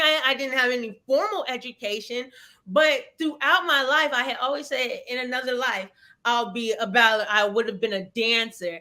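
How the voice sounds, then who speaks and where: A woman in her thirties with a bright, fairly high voice, sharing her life story in a live webinar. She speaks earnestly and reflectively, often breaking off and restarting a sentence. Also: normal speed. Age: 30s. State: tearful at moments. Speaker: webinar guest.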